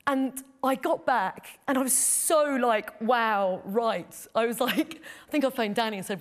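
Earnest woman with a higher voice. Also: unhurried, hardly any pauses. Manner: earnest, heartfelt, emotional. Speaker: photojournalist guest. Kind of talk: personal storytelling in interview.

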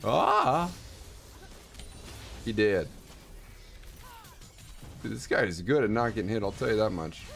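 A young man giving excited gameplay commentary as a streamer, full of gamer slang and exclamations, with faint music behind him. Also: on the low side, moderate pace, vocal fry, pauses often.

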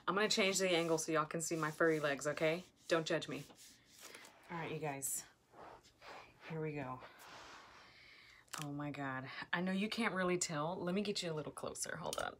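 A woman's voice: sits low, moderate pace, long pauses, a bit bright, a little hiss or hum. A woman vlogging at home, nervously exclaiming and giggling as she reads product instructions aloud. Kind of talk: casual vlog, reading product instructions aloud.

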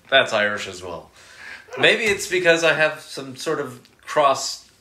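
A man's voice: medium pitch, sing-song, takes it slowly, bright, forceful tone. A man co-hosting a podcast in casual comedic chat, trading dry, teasing banter. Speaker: podcast co-host. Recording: roomy echo, faint noise.

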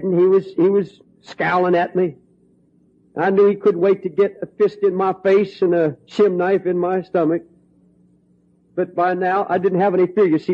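A middle-aged man preaching a storytelling sermon, impassioned, swinging from hushed tones to ringing cries. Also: high-pitched. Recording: dull lo-fi recording.

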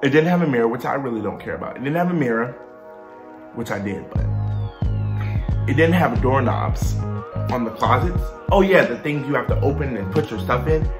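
A young man vlogging, telling a story with animated, exasperated delivery. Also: medium pitch, fairly quick, over music. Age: young adult. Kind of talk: storytime vlog. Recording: roomy echo.

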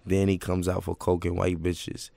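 A young man talking as a guest in a casual interview, relaxed and full of slang, laughing as he tells stories. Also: low voice, moderate pace, creaky, no room sound. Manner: laid-back slang, laughs through stories. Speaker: guest rapper.

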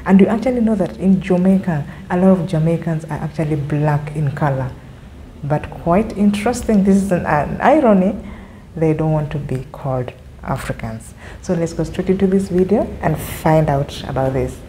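This is a woman hosting a reaction video, her voice sitting low and mellow. She walks through what she has just watched and explains it, often saying the same point twice to make it clear. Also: expressive, normal speed, slight background noise, poor audio. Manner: explanatory, repeats points to clarify. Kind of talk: commentary on a video clip.

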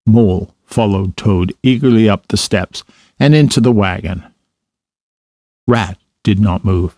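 A man's voice: fairly low pitch, dark tone, no room sound, studio quality. Man narrating a children's story. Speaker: storybook reader.

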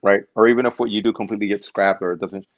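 Animated man with a low voice. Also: very fast, dry recording, narrow, tinny audio. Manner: animated storyteller, acts out quotes. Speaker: stunt performer guest. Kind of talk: casual interview chat.

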